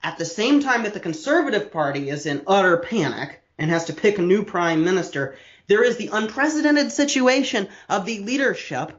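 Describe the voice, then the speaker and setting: A man's voice: high voice, animated, normal speed, echoey room, dull audio. A man co-hosting a podcast, explaining political history in detail with a lecturing, casual manner and frequent restarts.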